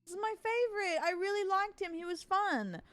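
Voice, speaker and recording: A woman streaming a game, chatting with her viewers and reading character lines aloud in a lively way. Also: very high-pitched, fairly quick, no echo. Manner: animated, reads game dialogue aloud and greets chat. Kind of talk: casual game commentary.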